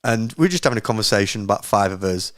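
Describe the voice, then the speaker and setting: A man's voice: on the low side, animated, rapid-fire, fairly bright tone, no room sound, studio quality. A man in his late thirties, a podcast co-host telling rambling anecdotes in casual chat, swearing freely and poking fun at himself. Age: late 30s.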